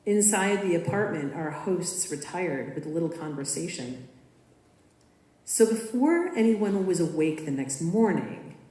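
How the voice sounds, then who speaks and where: Woman reading her own story aloud, dramatic storytelling, low voice, echoey school hall. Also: a little mellow. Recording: echoey room.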